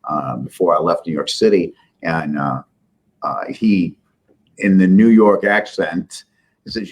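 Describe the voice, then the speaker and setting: A man's voice: deep voice, unhurried. A middle-aged man, a company CEO, telling rambling, self-deprecating business stories in a casual interview. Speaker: software company CEO, guest.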